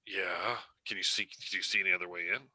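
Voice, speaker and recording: Deep, forceful man giving orders. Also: steady tone, quick pace, breathy edge, no room sound. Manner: urgent, commanding. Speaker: player. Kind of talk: in-character tabletop play.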